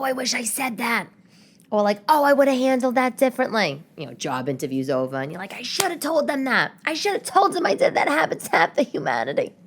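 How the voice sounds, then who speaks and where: A woman, rambling casually as a podcast host from her home, with frequent restarts. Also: fairly low pitch. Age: late 30s. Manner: chatty, rambling, many restarts. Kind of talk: casual solo podcast chat.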